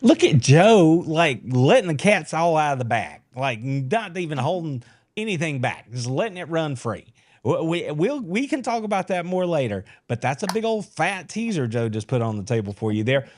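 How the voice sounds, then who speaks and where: A man's voice: on the high side, big pitch swings, normal speed, darkish tone. A man hosting a live sports podcast, talking in a folksy, teasing way. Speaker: podcast host. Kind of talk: casual live show chat.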